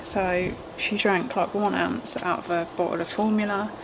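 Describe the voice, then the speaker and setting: A young English woman chats to camera as a new mum, rambling along and now and then dropping to a whisper. Her voice has a gravelly edge. It is a home recording with plenty of noise behind it. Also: on the low side, fairly even intonation, moderate pace. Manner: chatty, rambling, often drops to a whisper. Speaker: vlogger, first-time mum. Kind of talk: casual chat to camera.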